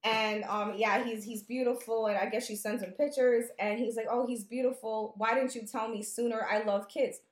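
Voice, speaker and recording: A woman with a fairly high voice retells a dating story on a podcast, casual and animated. She acts out both sides of the dialogue with plenty of indignation. Her voice bounces around a roomy, echoey space. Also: normal speed, few pauses. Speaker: podcast co-host.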